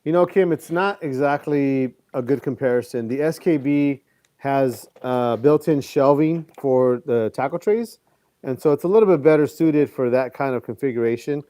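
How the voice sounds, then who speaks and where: A man co-hosting a casual fishing show, calmly explaining gear with lots of fillers. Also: mid-range voice, normal speed, no echo, clean studio sound. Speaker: co-host. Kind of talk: casual chat.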